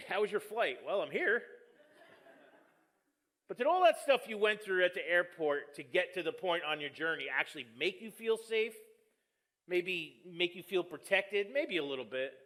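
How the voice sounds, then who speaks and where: Male pastor, fairly high and bright, easygoing sermon with self-mocking humor. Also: sing-song, moderate pace. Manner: joking, storytelling, self-deprecating. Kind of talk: conversational sermon.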